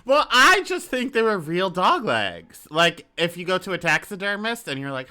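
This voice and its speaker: A man's voice: sits high, normal speed, clean tone. A young adult man co-hosting a podcast, telling stories and joking, laughing often. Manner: animated, joking storyteller who laughs often. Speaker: podcast co-host. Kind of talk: casual gossip chat.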